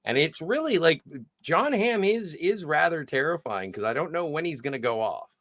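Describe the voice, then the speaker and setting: A man co-hosting a podcast, talking through the episode in casual discussion, animated and halting. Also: a little high, no echo, clean studio sound. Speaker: podcast co-host.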